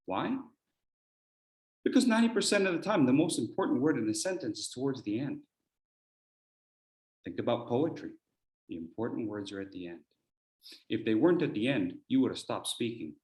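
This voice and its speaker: Animated male speech coach, echoey room. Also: medium pitch, normal speed, pauses often. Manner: animated, swinging from loud bursts to near whispers. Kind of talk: workshop teaching.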